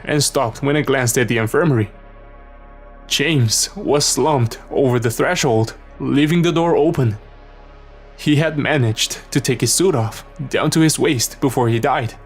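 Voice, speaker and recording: A man narrating a horror story in a tense, dramatic scripted reading. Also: medium pitch. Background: background music.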